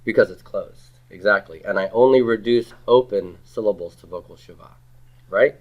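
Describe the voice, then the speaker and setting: A man's voice: fairly low pitch, normal speed. Man teaching a grammar class, asking questions. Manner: drills students, asks questions and repeats their answers. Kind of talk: classroom lecture with student questions. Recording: slightly dull lo-fi classroom recording.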